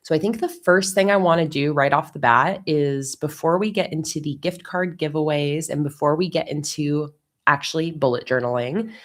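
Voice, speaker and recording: A woman with a low voice chats casually on a livestream from her desk. She greets viewers one by one in an upbeat, friendly way. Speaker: livestream host.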